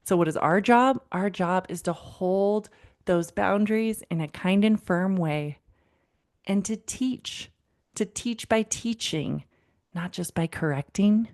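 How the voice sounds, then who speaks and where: A woman's voice: mid-range voice, takes it slowly, a little mellow. A woman in her thirties hosting a parenting podcast as a counselor, talking conversationally and calling the listener "friend" while retelling client conversations. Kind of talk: warm direct-address podcast talk.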